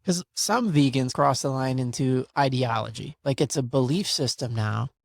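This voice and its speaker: Man, podcast host, reflective, mid pitch, dry close sound. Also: moderate pace, creaky, no room sound. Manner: thoughtful and reflective, thinking aloud with many "like"s. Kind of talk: casual podcast conversation.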